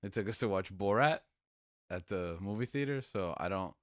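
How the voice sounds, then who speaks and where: Low-voiced male podcast host, dry sound. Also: animated, normal speed, no echo. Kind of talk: casual podcast chat.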